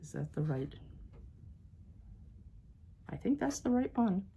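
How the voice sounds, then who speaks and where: A woman's voice: medium pitch, big pitch swings, slow, gravelly, warm tone, breathy edge. A woman quilting vlogger chatting casually to her viewers as she works, fretting and cheering herself on. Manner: chatty, self-doubting, talks to viewers as "you guys". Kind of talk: casual talk-along while sewing.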